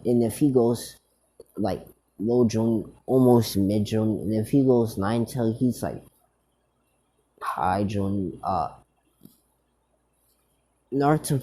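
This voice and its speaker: Casual male storyteller, rambling and slow, husky and mellow. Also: mid-range voice. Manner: rambling, many fillers and restarts. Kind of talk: casual fan-fiction retelling.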